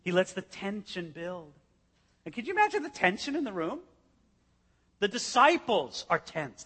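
A man preaching with a high, bright voice that rings through a large hall. He tells the story vividly, stepping into each scene as he explains it. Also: moderate pace, pauses often, breathy edge. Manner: animated storytelling, acting out scenes. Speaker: pastor. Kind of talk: expository sermon.

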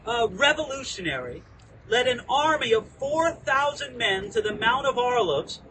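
A man teaching the Bible outdoors as a pastor, lively and acting out quoted lines. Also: extremely high pitch, distant mic, slight background noise, poor audio. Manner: animated, acts out quoted lines. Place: outdoors within view of a landmark hill.

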